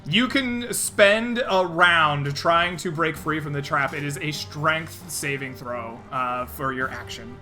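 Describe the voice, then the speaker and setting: A man narrating a tabletop game as game master, describing scenes at an unhurried pace. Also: fairly high pitch, bright, forceful tone, faint music behind.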